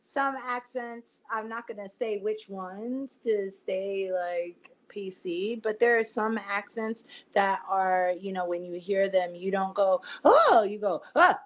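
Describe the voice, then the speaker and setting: A playful woman with a twang teases and jokes, laughing freely. Her voice is mid-pitched. The audio has a dull, lo-fi sound. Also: steady tone, slow pace, few pauses. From USA. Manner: playful, joking, laughs a lot. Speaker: wrestler and ring announcer guest. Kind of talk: casual interview chat.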